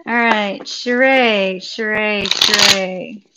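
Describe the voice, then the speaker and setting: A woman's voice: medium pitch, fairly even intonation, drawn-out words, very noisy. A woman giving a live tarot reading to viewers, effusive and upbeat, chatting and laughing often. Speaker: tarot reader. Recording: dull lo-fi recording.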